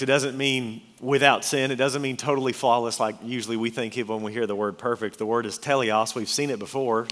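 A man's voice: medium pitch, fairly bright tone. Preacher man in an echoing hall. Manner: earnest, emphatic, reads scripture aloud. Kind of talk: sermon. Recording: long hall reverb.

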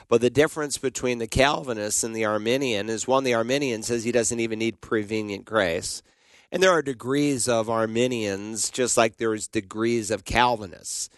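On a call-in radio show, a man teaching the Bible answers a caller in a measured, explanatory way, quoting scripture as he goes. His voice is medium-pitched, and there's no room sound.

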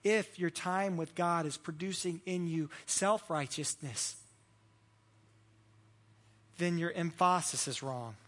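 A man's voice: a little high, slow pace, pauses often, a bit bright. A man preaching a sermon as pastor, earnest and repeating words as he builds his points.

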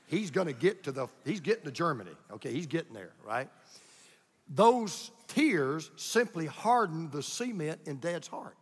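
A man's voice: fairly high pitch, sing-song, moderate pace, slightly rough, big-room sound. An older male pastor preaching a sermon with folksy, emphatic storytelling.

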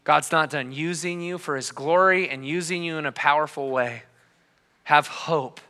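A man's voice: fairly high pitch, moderate pace. Passionate man preaching in a reverberant hall. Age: 30s. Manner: passionate storytelling, swings between quiet and loud. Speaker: pastor. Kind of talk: sermon. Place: church hall.

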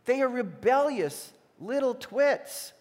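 A man preaching a sermon as a pastor, switching between emphatic declarations and hushed, imagined voices of temptation. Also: very high voice, sing-song, takes it slowly. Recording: long reverb of a large hall.

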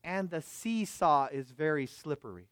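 Male pastor, high voice, dry close sound; emphatic preaching that swings loud and quiet, keeps asking the congregation questions. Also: lively intonation, unhurried, dry recording. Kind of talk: sermon.

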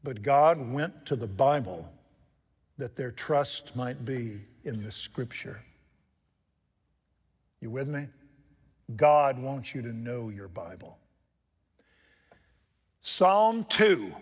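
A man preaching a sermon from the pulpit, jumping from loud emphatic lines to hushed asides and putting questions to his congregation. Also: medium pitch, big pitch swings, slow, pauses often, slightly rough. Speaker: pastor. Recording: long reverb from a large hall.

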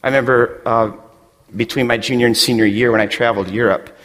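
A middle-aged male pastor from West Michigan preaches with fervor, pushing his voice up toward near shouts. The sound carries a long reverb, as if it were picked up in a big church sanctuary. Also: medium pitch, steady tone, quick pace. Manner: impassioned, rising to near shouts. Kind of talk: sermon.

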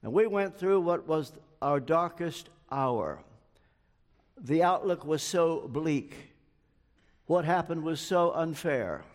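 Slow, earnest older male preacher. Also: fairly high pitch. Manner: slow, measured, earnest, with personal anecdotes. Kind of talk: sermon. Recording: long hall reverb.

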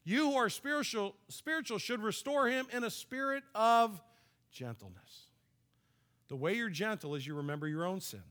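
Man preaching, casual storytelling sermon, slightly higher voice. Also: a bit bright. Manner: conversational, storytelling, with light laughs and restarts. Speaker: pastor.

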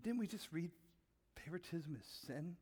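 A man's voice: fairly high pitch, expressive, normal speed, warm tone, breathy edge. A middle-aged man preaching a conversational sermon, repeating words and asking his listeners questions. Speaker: pastor.

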